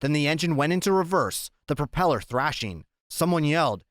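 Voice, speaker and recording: Lively male audiobook narrator. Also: on the high side, fairly quick, few pauses, dry recording, clean studio sound. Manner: expressive reading, acting out shouted lines.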